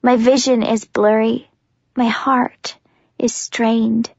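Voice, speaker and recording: A woman narrating a first-person audiobook in a high voice at a slow, deliberate pace. Her reading is intense and dramatic. The recording is dull and dry, with the voice close to the mic. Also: level tone, a little mellow, no room sound.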